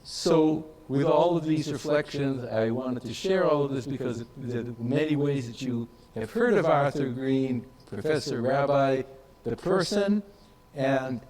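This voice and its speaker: A man giving a reflective tribute speech at an academic conference, pausing on fillers and repeating words. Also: medium pitch, a crowd in the background, rough recording. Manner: reflective, with frequent fillers and restarts. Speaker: conference speaker.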